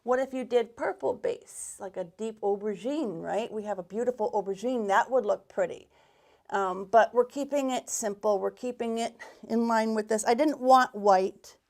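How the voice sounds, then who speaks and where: Woman, paint retailer, live craft demo, fairly high voice, gravelly, rambling and chatty, slightly out of breath, indoor workshop. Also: normal speed, a little mellow. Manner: chatty and rambling, with restarts and muttered asides. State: a bit out of breath.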